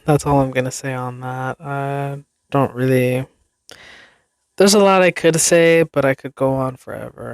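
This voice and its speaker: Young woman solo podcast host: slow, loose rambling delivery, self-deprecating, laughs a lot, dry close sound. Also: extremely low pitch, vocal fry, no room sound. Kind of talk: casual solo podcast chat.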